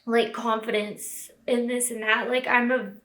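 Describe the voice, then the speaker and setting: A woman's voice: fairly high pitch, flat delivery, unhurried, fairly bright tone. A young woman crying as she talks through a personal vlog, with lots of "like" fillers. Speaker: vlogger. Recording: echoey room.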